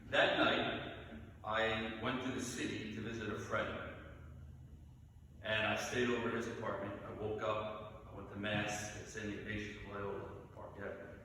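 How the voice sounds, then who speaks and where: A man's voice: lowish voice, little pitch movement, normal speed, bright, forceful tone, a little hiss or hum. A man from New York, a priest, telling personal stories in a conversational homily. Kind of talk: storytelling homily. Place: large church. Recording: echoey church hall from far off.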